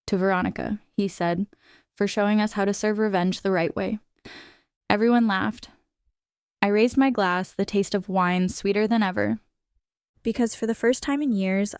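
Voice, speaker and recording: A woman's voice: mid-range voice, clean tone, no room sound, clean studio sound. A woman reading a first-person revenge story aloud as a scripted narration.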